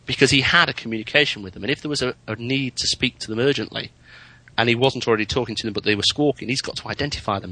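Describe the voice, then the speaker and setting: A man in casual chat about flying, chatty and anecdotal, getting animated in his stories. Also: mid-range voice, rapid-fire, rough recording. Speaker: podcast co-host, private pilot.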